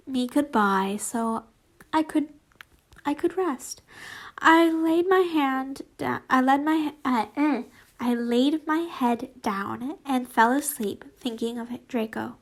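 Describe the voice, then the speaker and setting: A woman reading fan fiction aloud, breaking off into casual, sweary asides. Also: high voice.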